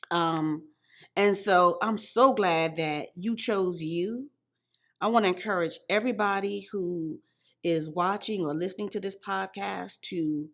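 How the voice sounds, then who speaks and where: A woman podcast host speaking in a measured, affirming way. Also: medium pitch. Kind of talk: reflective encouraging talk.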